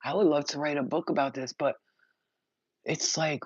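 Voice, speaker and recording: A woman spiritual reader talks straight to her viewers in an excited, rambling way, worked up and emotional, with a casual curse here and there. The recording is dry and close, with a slightly dull, muffled sound. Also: low voice, normal speed, slightly rough, dry recording. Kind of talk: emotional channeled message to viewers.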